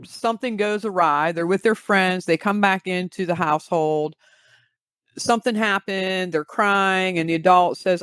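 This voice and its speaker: A woman guest, a grief recovery specialist, explaining in measured interview talk with vivid everyday examples. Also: fairly low pitch, a bit bright, smooth, no room sound.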